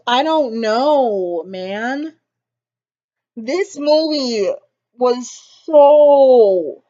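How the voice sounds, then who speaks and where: A woman's voice: fairly high pitch, a little mellow, lo-fi sound. A woman vlogger rambling emotionally about a film she just saw, repeating herself often. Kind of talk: casual movie reaction ramble.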